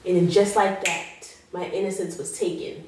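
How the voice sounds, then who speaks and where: A woman being interviewed as a guest, giving an emotional personal testimony in an earnest way. She slows down on heavy moments. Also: lowish voice, fairly even intonation, darkish tone, slight background noise. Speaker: guest sharing her survival story. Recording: very echoey room, voice far from mic.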